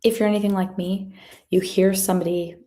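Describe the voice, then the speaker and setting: A woman giving a motivational talk as a guest speaker, telling a story from her work in an animated way and acting out the people in it. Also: medium pitch, a little fast. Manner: animated, acts out quoted voices.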